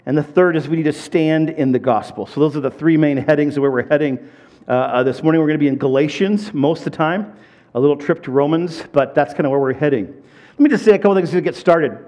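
A man's voice: a little high, fast, darkish tone. A middle-aged man preaching a sermon as a pastor, telling stories in a conversational way and repeating words as he builds up. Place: church.

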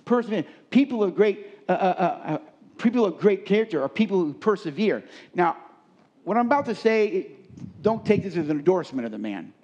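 Guy preaching on stage, kinda high voice, swoops up and down a lot, hammers words home. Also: big pitch swings, brisk, darkish tone, muffled recording. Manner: emphatic, repeats key words for stress. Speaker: pastor. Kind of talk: sermon. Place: on a stage before a congregation.

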